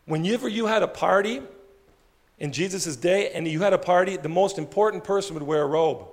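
Gravelly high-voiced male preacher. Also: fairly quick, in a large hall. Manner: animated storytelling, drops low for emphasis. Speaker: pastor. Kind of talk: sermon.

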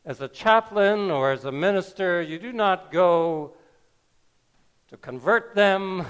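A man preaching a sermon, telling a scripture story slowly with wry asides. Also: high voice, expressive, fairly bright tone, clean tone. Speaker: pastor.

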